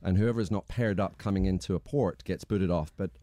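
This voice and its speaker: A man's voice: deep voice, brisk, no echo. A man guesting on a radio show, chatting casually and telling cheeky, jokey stories in a studio. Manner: cheeky, jokey, animated anecdotes. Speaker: TV host, guest. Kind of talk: casual radio chat, storytelling.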